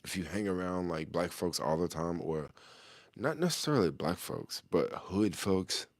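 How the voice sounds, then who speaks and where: A man's voice: low-pitched, animated, normal speed, dry recording. A middle-aged man talking casually to the camera in loose, slangy street talk, chuckling often as he answers a viewer's question.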